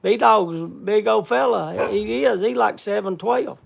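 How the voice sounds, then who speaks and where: A man hosting a casual live stream, thanking viewers in a halting, repetitive, heartfelt way. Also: sits high, gravelly, noisy background. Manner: halting and repetitive, stumbling over words. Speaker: livestream host.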